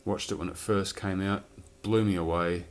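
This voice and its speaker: Low-voiced rambling man. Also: fairly even intonation, moderate pace. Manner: rambling, casual swearing. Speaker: collector showing his films. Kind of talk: casual chat.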